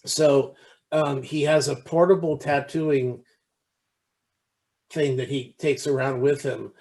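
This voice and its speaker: A man's voice: medium pitch, steady tone, takes it slowly, darkish tone. A man co-hosting a podcast, chatting casually with lots of restarts and fillers, acting out quoted lines while retelling a movie. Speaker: podcast co-host. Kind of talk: casual chat.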